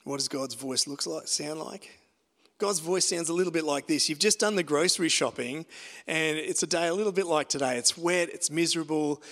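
A man's voice: a little high, normal speed, a bit bright. A man preaching a sermon in a conversational storytelling way, pushing up into emphatic rises. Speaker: pastor. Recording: long hall reverb.

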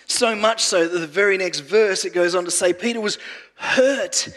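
A man's voice: high-pitched, normal speed, fairly bright tone. A male pastor giving an earnest sermon who often repeats words while he gathers his thoughts. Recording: long reverb of a large room.

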